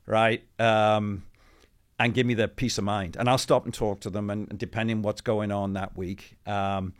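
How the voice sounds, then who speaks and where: A middle-aged man, a guest in an interview, telling anecdotes in a chatty, animated way with many asides. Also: lowish voice, normal speed, smooth. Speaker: interview guest, former football club CEO. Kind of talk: conversational storytelling.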